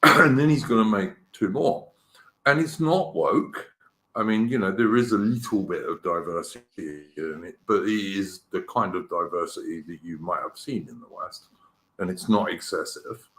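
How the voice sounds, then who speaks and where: A man's voice: low voice, normal speed, a bit bright, roomy sound. A middle-aged man with an English accent, hosting a casual live-stream chat, rambling and opinionated. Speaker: podcast host.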